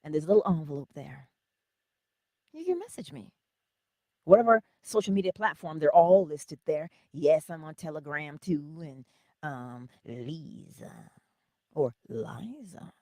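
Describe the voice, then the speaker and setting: Animated woman chatting to her stream viewers. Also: low-pitched, normal speed, no room sound, studio quality. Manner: animated, laughing often, calling viewers honey. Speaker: livestream host. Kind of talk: casual livestream chat greeting viewers.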